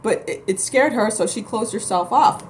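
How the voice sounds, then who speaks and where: A New York City woman, a spiritual vlogger and Reiki practitioner, talks to camera in a blunt, emphatic, rambling monologue. Her voice sits a little high, her pace is moderate, and there's slight background noise.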